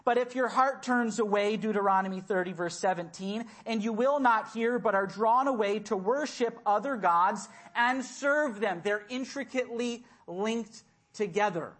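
A man delivers a sermon from a church pulpit. He speaks in a measured, deliberate way and returns to his key words again and again to drive them home. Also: high-pitched, a bit bright. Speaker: preacher.

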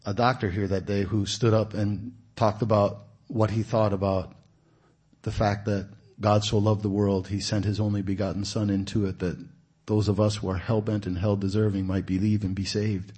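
Husky low-voiced man preaching casually. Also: moderate pace. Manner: conversational, asks the audience questions, animated emphasis. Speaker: guest preacher. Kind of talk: informal sermon. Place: church meeting room.

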